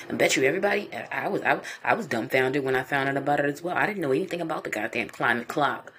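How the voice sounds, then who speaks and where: A woman's voice: deep voice, lively intonation, very fast, few pauses, a bit bright, slight background noise. A woman hosting a podcast, reading the news aloud and reacting in a profane, incredulous, mock-paranoid comedic rant. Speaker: podcast host.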